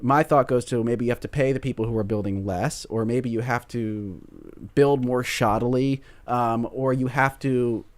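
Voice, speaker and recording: A man's voice: mid-range voice, fairly even intonation, normal speed. A man co-hosting a radio show, putting probing questions to the guests. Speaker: co-host. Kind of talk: radio discussion.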